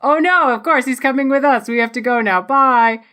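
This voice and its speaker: A woman's voice: high voice, fairly quick, pushed and bright, smooth, pitched above the performer's own voice. A woman voicing a charming male figure skater with a put-on Russian accent, breezy and flirtatious.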